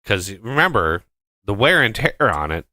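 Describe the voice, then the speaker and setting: A man's voice: on the low side, big pitch swings, moderate pace, sharp tone, no room sound. A man giving casual gameplay commentary as a streamer, rambling with many fillers and restarts.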